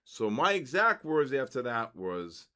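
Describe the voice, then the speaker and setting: A man in his sixties hosting a live trading session, telling stories in a casual, animated way and tagging his sentences with quick checks to the audience. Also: medium pitch. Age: 60s. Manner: animated, keeps tagging 'right?' and 'okay?'. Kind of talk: casual livestream storytelling.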